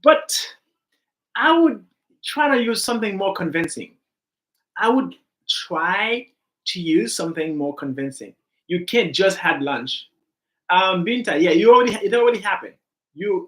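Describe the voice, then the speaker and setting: Lively man teaching an online English class. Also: high voice, moderate pace. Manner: animated, repetitive, coaxing students. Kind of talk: online grammar lesson.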